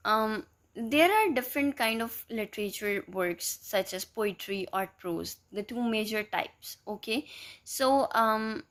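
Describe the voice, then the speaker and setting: Lady teacher talking slow and patient, says the example words over and over. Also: a little high, fairly bright tone. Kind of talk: explanatory lesson.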